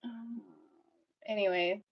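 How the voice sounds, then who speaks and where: A woman's voice: mid-range voice, steady tone, slow pace, breathy edge, highs cut off. A young woman doing a tarot reading for her viewers, speaking bluntly and swearing freely with lots of "like" fillers. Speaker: tarot reader.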